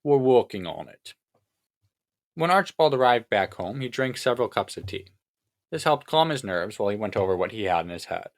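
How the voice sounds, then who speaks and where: A man's voice: on the low side, expressive, a little fast. Guy reading a silly crime story totally straight, voice swings up and down a lot. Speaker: audiobook narrator. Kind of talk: deadpan comic narration.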